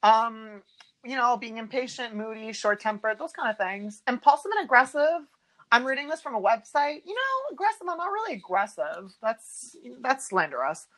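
A woman's voice: fairly high pitch, lively intonation, moderate pace, a bit bright. Giggly young woman on a podcast. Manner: giggly, reads from a website, playful. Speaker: podcast co-host. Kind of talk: casual chat.

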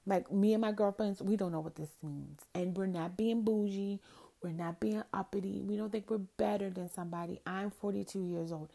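Woman in her 40s, gravelly, sassy, ranting, tired. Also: medium pitch, steady tone, normal speed, mellow. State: tired and crampy. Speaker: vlogger. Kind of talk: casual monologue.

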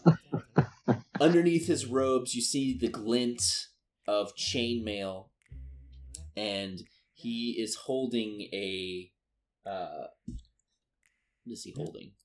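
A man narrating as game master of a tabletop game, relaxed and full of fillers and laughs. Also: mid-range voice, slow pace, long pauses.

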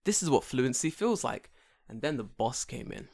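A young man telling stories in a casual chat. He swears freely and breaks into loud outbursts. His pitch is very lively and swings all over the place. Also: normal speed, vocal fry. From England. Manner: profane, animated storytelling with sudden loud outbursts.

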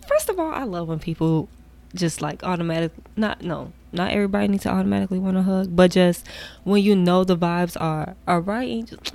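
Young woman, casual storytelling, candid, animated, soft whispered asides. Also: fairly low pitch, brisk, vocal fry.

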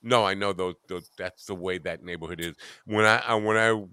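A man hosting a casual podcast chat, telling blunt, profane stories in a gruff, offhand way. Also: low voice, brisk, sharp tone, no room sound, clean studio sound. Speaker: podcast host.

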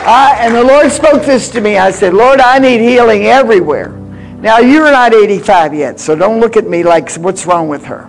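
A woman in her eighties preaching a sermon with personal stories, swinging from loud exhortation to hushed confiding. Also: mid-range voice, animated, normal speed, faint music behind. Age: 80s.

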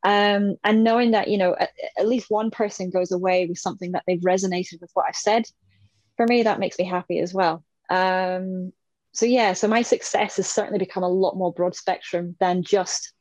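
A woman's voice: on the low side, steady tone, moderate pace, a little mellow, no room sound. A woman in her thirties, talking as an interview guest in a casual, chatty way, laughing often and playing out little voices. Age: 30s.

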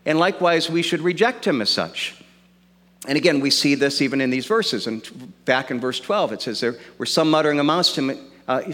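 A man's voice: on the high side, a bit bright, in a large hall. A man preaching a sermon as pastor, earnest and repeating words as he works through an argument.

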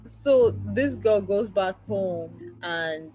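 A woman's voice: medium pitch, animated, slow, warm tone. A young woman with a Nigerian accent hosting a podcast, chatting animatedly about books with laughter and trailing asides. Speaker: podcast host. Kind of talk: casual chat about books. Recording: dull lo-fi sound with faint music.

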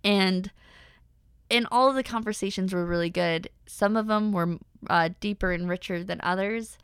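A woman's voice: mid-range voice, normal speed, fairly bright tone, clear, resonant tone, dry recording, studio quality. A young woman hosting a personal podcast, talking candidly and animatedly with many fillers. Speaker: podcast host.

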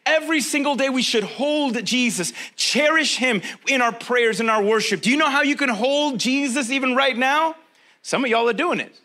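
A man's voice: very high voice, normal speed, bright, forceful tone. A man preaching a sermon as a pastor, talking straight to his listeners in a conversational way and driving points home with repetition.

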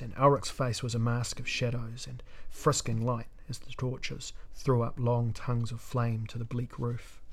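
A man narrating a fantasy battle story in a measured, dramatic audiobook reading. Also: medium pitch.

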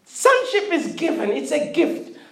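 Here a middle-aged preacher gives a lively sermon, jumping from loud emphasis to near-whispered prayer. Repeated words and frequent checks on the listeners keep it conversational. The voice rings through an echoing church hall. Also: high-pitched, unhurried. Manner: animated, swings from loud emphatic to quiet intimate; repeats words, asks the congregation for response. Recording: roomy echo.

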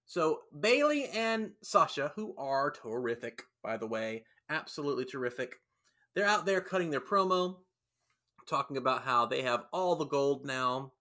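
A man's voice: mid-range voice, normal speed. A man hosting a casual podcast, recapping events and acting out what people said. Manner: animated storyteller, acts out quotes. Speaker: podcast host recapping wrestling. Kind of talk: casual chat.

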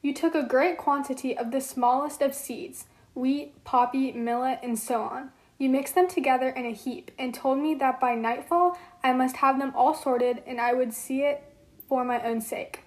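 A woman's voice: high-pitched, steady tone, normal speed, darkish tone, lightly acted. A woman voicing Psyche, a young mortal woman, in an amateur read-aloud role-play, reading her lines earnestly.

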